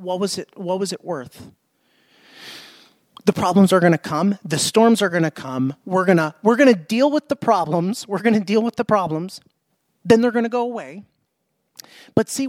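A man's voice: sits high, no echo. A man preaching a sermon as pastor in a church, emphatic and repetitive, putting questions to the congregation. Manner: emphatic, repeats himself, asks the congregation questions.

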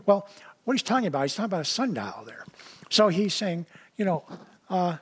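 Man, preacher, sermon, high voice, husky, casual asides. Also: expressive, normal speed. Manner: conversational, full of "you know" and restarts.

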